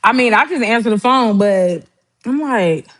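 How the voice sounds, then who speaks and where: A woman's voice: fairly high pitch, lively intonation, normal speed, fairly bright tone. A woman hosting a casual livestream, chatting and telling family stories with frequent laughter. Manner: chatty storytelling, laughs often, mimics relatives. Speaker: livestream host. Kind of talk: casual livestream chat while cooking.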